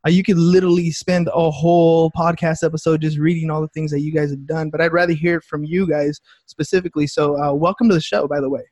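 A man with a fairly high voice hosts a casual podcast and stumbles through introductions, correcting himself as he goes. His voice is dry and close to the mic. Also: flat delivery, darkish tone, no room sound. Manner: halting, many fillers and self-corrections. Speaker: podcast host.

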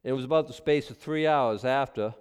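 A man's voice: mid-range voice, brisk, clear, resonant tone. A male pastor preaching a sermon in a loose, conversational way, drifting into asides and acted-out scenes.

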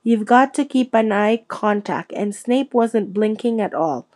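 A woman plays a clever schoolgirl, sharp and sure of herself, who presses her point emphatically like a know-it-all. Her voice sits at a middle pitch. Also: animated, unhurried, natural voice. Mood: emphatic.

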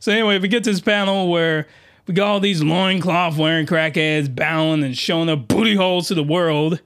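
A man hosting a comedy podcast, reviewing a comic in a slangy, rambling monologue with sudden shouted outbursts. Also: fairly quick, clean tone. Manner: animated, jumps into high-pitched shouted outbursts; slangy, rambling, with many restarts.

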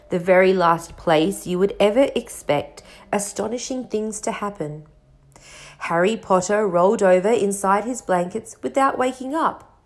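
A woman narrating a storybook in a measured, expressive reading. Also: mid-range voice. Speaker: audiobook reader.

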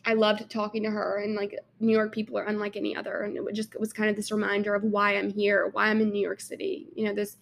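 A woman's voice: mid-range voice, completely flat delivery, quick pace, vocal fry, few pauses, slight background noise. A young woman from Alabama with a Southern accent, chatting casually to camera and filling her talk with "like". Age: young adult. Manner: chatty, lots of "like" fillers. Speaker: intern vlogger.

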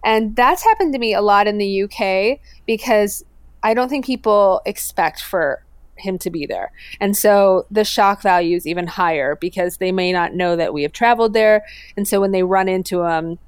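A woman chats in a casual interview, earnest and eager, circling back with "you know" and restarts. Her voice is clear and smooth. It sits close and dry on the mic, with little room sound. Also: medium pitch, normal speed, no echo. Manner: earnest, enthusiastic, with frequent fillers and restarts. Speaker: guest, owner of a popular pet account.

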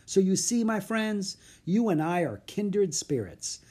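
The storybook reader voicing a warm, talkative old genius who speaks in a gracious, stately way. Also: mid-range voice, very animated, a little slow, voice pushed up.

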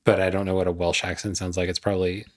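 A man's voice: low voice, flat delivery, fast. A man co-hosting a podcast in casual chat, joking around and laughing often. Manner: playful, laughs often, jokey. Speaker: podcast co-host.

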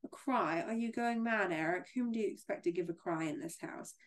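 A woman's voice: lowish voice, brisk, natural voice. A woman reading aloud the lines of a frightened young woman held captive in a gothic novel. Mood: pleading.

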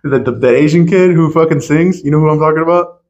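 A man's voice: fairly high pitch, fairly even intonation, quick pace, a little mellow, muffled recording. A man hosting a casual chat, joking around, swearing freely and laughing often. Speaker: podcast host.

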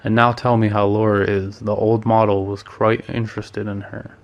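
A man's voice: fairly low pitch, little pitch movement, normal speed, creaky. A man reading the part of a witty, worldly male painter who teases his friend and slips in French phrases. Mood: amused. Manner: breezy, teasing, lightly sprinkles French phrases.

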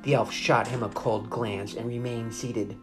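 Brief: mid-pitched audiobook narrator for a kids' fantasy chapter book; steady, expressive read; light guitar bed. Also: a little slow. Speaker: storyteller. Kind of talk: reading a children's chapter book aloud.

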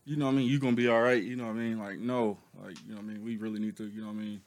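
A man co-hosting a casual podcast, relaxed and talkative, who says "you know what I mean" over and over. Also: lowish voice, racing. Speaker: podcast co-host. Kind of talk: casual chat.

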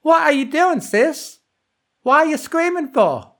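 A man putting on a squeaky young pony filly. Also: unhurried, heavily acted. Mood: puzzled. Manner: high excited calls from down a well. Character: young female pony filly, eager and frightened.

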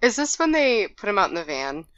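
A woman's voice: mid-range voice, sing-song, a bit bright, muffled recording. A woman co-hosting a casual podcast, adding dry, wry remarks. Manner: slow, dry, wry interjections. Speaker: podcast co-host. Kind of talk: casual chat.

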